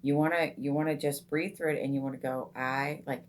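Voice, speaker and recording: A middle-aged woman hosting a women's group, talking casually as she teaches meditation, unhurried, with many ums and restarts, going soft and slow when she guides the breath. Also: very deep voice, fairly even intonation. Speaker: meditation coach and group host.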